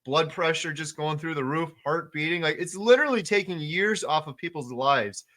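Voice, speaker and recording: A man's voice: on the high side, moderate pace, a bit bright. A man hosting a casual interview, talking with enthusiastic emphasis, piling up repeated words and fillers. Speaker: podcast host.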